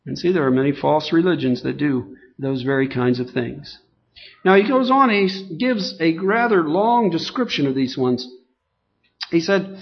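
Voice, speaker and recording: High-voiced slow-preaching man. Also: lively intonation, vocal fry. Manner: emphatic, repetitive, digressive with many fillers. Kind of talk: sermon. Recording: dull lo-fi recording.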